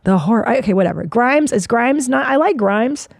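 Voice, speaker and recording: A woman's voice: on the high side, expressive, a little fast, gravelly, no echo, studio quality. A woman in her forties hosting a comedy podcast, riffing in a sarcastic, profane way. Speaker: podcast host.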